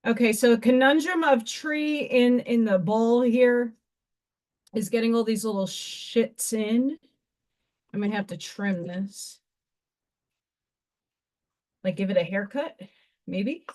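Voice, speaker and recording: Woman, unhurried, rambling craft-stream chat, slightly high voice, talking to herself at home. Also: a little mellow. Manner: chatty, rambling, talks to herself while crafting. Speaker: livestream host. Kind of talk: casual live craft chat.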